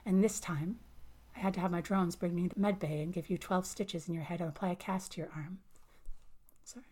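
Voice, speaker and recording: A woman narrating a first-person science fiction story in a calm, measured way. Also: fairly low pitch, husky.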